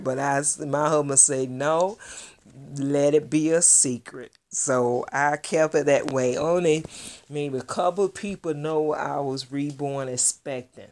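Woman vlogger, slow unhurried delivery, gushing and heartfelt, near tears. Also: deep voice, a little mellow. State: close to tears. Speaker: doll collector vlogger. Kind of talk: casual vlog reveal.

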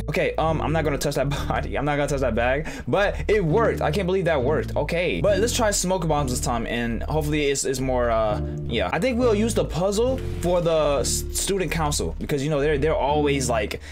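Excitable man narrating a video game. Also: a little high, a little fast, hardly any pauses, over music. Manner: excitable, jokey, talks to the game characters. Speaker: gaming YouTuber. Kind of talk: let's-play commentary.

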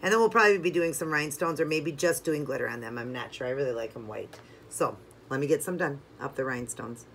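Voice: mid-range voice, animated, fast, fairly bright tone, slight background noise. Chatty nail art tutorial host. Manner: chatty, talks through each step while working. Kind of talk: step-by-step craft tutorial.

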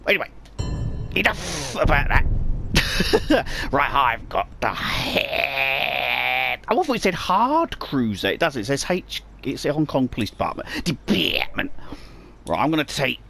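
A man with a Cockney accent from the East End of London, hosting casual let's-play commentary, swearing heavily and bursting out excitedly at the game. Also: medium pitch, measured pace, creaky, a little hiss or hum. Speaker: gaming channel host.

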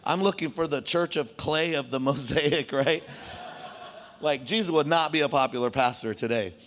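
A man preaching a sermon in a church, conversational and animated, often checking in with the congregation. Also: fairly high pitch, normal speed, a little hiss or hum. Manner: conversational, animated, frequent "right?" asides. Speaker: pastor.

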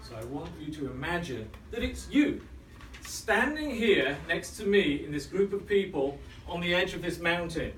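A man in his thirties delivers a dramatic storytelling speech in a function room. His voice sits a little high for a man and swings widely in pitch. It sounds roomy and distant, with a faint ambient hum behind it. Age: 30s. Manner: dramatic, drops to a hush for tension. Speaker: club speaker.

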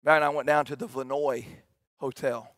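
A middle-aged man, a pastor preaching a sermon that swings between shouted emphasis and quiet storytelling. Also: mid-range voice, steady tone, brisk, no room sound, clean studio sound.

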